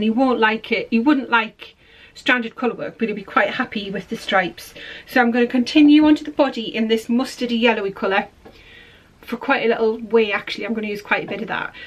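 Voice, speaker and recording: A woman's voice: a little high, rough recording. A woman hosting a podcast in a casual, rambling, self-deprecating chat. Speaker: podcast host.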